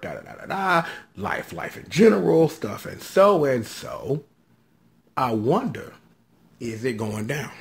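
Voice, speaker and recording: A man giving a casual, hyped-up episode review, joking and slangy, often leaping into high shouts. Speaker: show recap vlogger.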